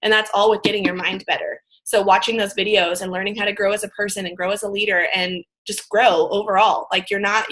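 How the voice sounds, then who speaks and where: A woman talks casually to her viewers, filling her sentences with "like" and "um". Her voice is bright and sits at an ordinary pitch. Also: rough recording. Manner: chatty, full of fillers like "like" and "um". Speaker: vlogger.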